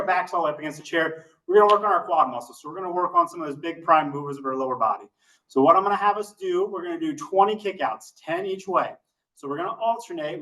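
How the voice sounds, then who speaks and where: Male exercise instructor, fairly high voice, counting reps, encouraging, slightly winded, a bit distant from the mic. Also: a bit bright. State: a little out of breath. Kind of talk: leading a seated exercise class.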